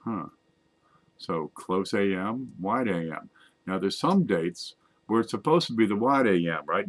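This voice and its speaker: Brief: low-pitched man, relaxed hobby host, chatty and joking at himself. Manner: chatty, self-mocking, talks to viewers while zooming in on images. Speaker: coin collecting video host. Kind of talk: casual screen-share show-and-tell.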